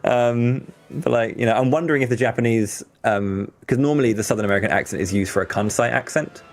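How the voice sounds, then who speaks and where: A man's voice: medium pitch, fast. A man hosting a gameplay stream, chatting casually and rambling through thoughts with fillers and restarts. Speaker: host.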